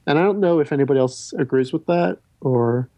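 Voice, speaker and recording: Male podcast host, rambling and talkative, warm mellow timbre. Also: medium pitch, animated, fairly quick, no room sound. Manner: rambling, self-interrupting, stammers on restarts. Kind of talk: casual film discussion.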